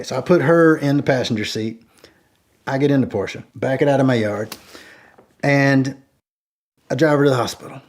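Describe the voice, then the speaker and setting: A man's voice: medium pitch, moderate pace, long pauses. A man telling a true story in a casual way, acting out the dialogue and saying "like" often. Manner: animated, acts out each line of dialogue, many "like" fillers. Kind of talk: casual spoken anecdote.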